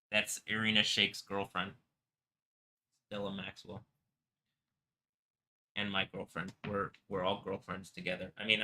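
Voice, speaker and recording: A man's voice: on the low side, pushed and bright. A man hosting his own livestream, rambling casually and laughing at his own jokes. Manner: rambling, self-amused, frequent giggling asides. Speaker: livestream host.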